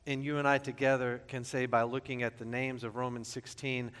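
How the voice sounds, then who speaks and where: A man's voice: medium pitch, flat delivery, fairly quick, fairly bright tone, smooth, big-room sound. A man preaching a sermon as pastor, conversational and joking, sometimes stumbling and repeating words.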